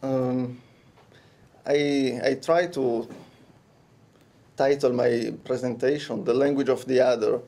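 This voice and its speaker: A man with an Italian accent presents a talk at a conference. His voice is dark and mellow. He speaks haltingly, restarting phrases and filling pauses as he feels his way through the English. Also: medium pitch, steady tone. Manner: hesitant, many restarts and fillers. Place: conference room.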